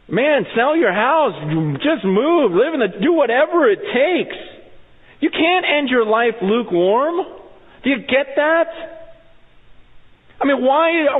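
A man preaching a sermon as pastor, intense and urgent, often stammering and restarting as he acts out quoted voices. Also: very high voice. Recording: phone-like sound in a reverberant hall.

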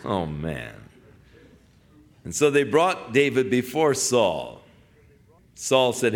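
A man preaching a sermon, retelling a Bible story in a folksy, animated way and mixing scripture with casual paraphrase. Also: medium pitch, slow, pauses often.

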